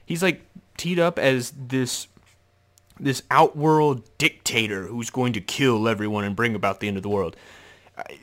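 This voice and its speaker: A man hosting a podcast, reviewing a movie in casual solo chat, animated and laughing often as he slips into mock voices. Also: medium pitch. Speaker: podcast host.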